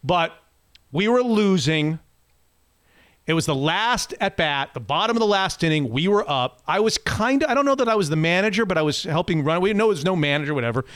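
A man's voice: high voice, expressive, fairly quick, fairly bright tone, no room sound, studio quality. A man co-hosting a podcast, telling a long story in casual chat and often restarting his sentences. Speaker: podcast co-host.

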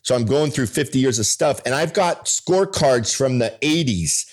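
A middle-aged man co-hosting a relaxed sports talk show, spinning stories in an easy mid-pitched voice. He livens up and jumps higher whenever he quotes someone. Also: normal speed. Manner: storytelling, animated when quoting others. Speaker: co-host. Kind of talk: casual chat.

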